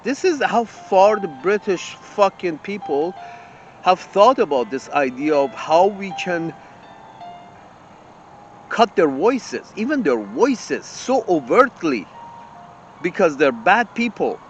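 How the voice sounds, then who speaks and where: A man's voice: sits high, very animated, slow, muffled recording, soft background music. A man delivering an indignant, profane open-letter rant as host of his own channel, tripping over his words and restarting often. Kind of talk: ranting open-letter monologue.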